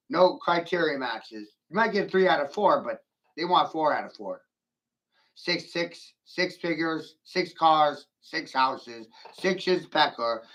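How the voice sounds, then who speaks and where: A gravelly man drawls through a rambling, taunting monologue. His pitch swings up and down as he mocks and curses, and he laughs at his own jokes. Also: fairly bright tone. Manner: brash and profane. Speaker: vlogger ranting to camera.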